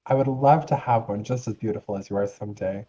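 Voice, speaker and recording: A man's voice: fairly low pitch, warm tone, dull audio, natural voice. A man voicing a gushing, sweet-talking female guild member in a tabletop game, fawning and chatty. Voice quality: fawning and chatty, drawn-out syrupy phrasing.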